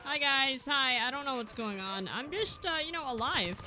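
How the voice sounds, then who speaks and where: A young woman doing gameplay commentary, excitable and joking, swinging from yelling to muttering, with faint game music behind. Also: high voice, moderate pace, a little hiss or hum. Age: young adult. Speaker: gaming streamer.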